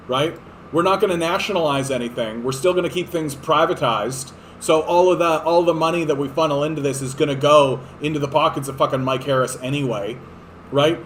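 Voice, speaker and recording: A man rants about politics in a sarcastic, exasperated tone, swearing freely. His voice sits fairly high for a man. A faint hiss runs under the recording. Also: fairly quick. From Canada. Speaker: political commentator. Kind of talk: ranting political commentary.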